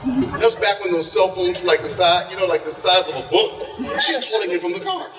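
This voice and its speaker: A middle-aged man from Oklahoma telling a comic story live to an audience, animated and acting out quoted lines. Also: high voice, brisk. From Oklahoma, USA. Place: large hall with an audience. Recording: echoey hall, far from the mic.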